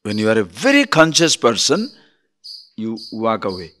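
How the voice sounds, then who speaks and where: A man's voice: on the low side, normal speed. A man giving a spiritual discourse as a teacher, telling stories and acting out quarrels. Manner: animated storytelling, acts out quarrels.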